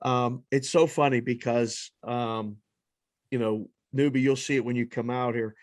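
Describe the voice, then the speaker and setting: A man hosting a casual sports podcast, leading the banter in an animated, profane way. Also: mid-range voice, measured pace, no echo, clean studio sound. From lives in Las Vegas. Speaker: podcast host.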